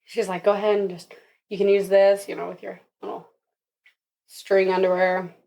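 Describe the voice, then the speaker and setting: A woman's voice: mid-range voice, little pitch movement, normal speed, creaky, warm tone. A young woman, a podcast guest, telling her birth story casually and with animation, laughing often and acting out what others said.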